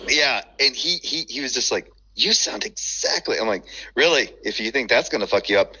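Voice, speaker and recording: A man telling stories in casual chat, profane and animated, acting out the voices he quotes. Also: medium pitch, moderate pace, husky, lo-fi sound.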